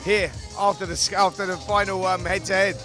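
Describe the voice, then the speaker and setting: A male boxing pundit talking casually and loosely, circling back through fillers. His voice sits high and sounds bright and forceful, with faint music under it. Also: level tone, a little fast. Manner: chatty, rambling with fillers. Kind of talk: casual studio commentary.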